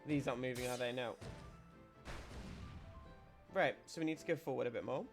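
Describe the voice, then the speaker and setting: A man's voice: medium pitch, fairly quick, creaky, faint music behind. A man streaming a video game, giving casual commentary as he explains tactics, often restarting his sentences.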